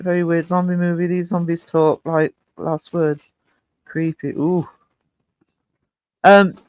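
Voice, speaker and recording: A man with a voice on the high side hosts a chatty livestream, reading out what viewers comment and greeting them by name. The audio has no echo.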